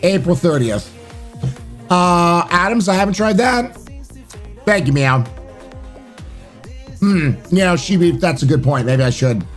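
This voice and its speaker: A man chats on his live stream in a relaxed, unhurried way, his voice swinging up and down with lively inflection. He greets viewers by name and laughs easily, with faint music playing behind him. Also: sits high. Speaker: streamer and podcast host. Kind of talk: casual live-stream chat.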